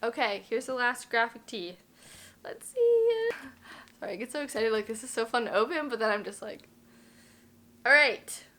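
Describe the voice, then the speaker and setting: A woman's voice: a little high, fast, hardly any pauses, fairly bright tone. Give me a chatty young woman in her twenties reviewing a thrift box, casual and self-deprecating. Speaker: thrift vlogger.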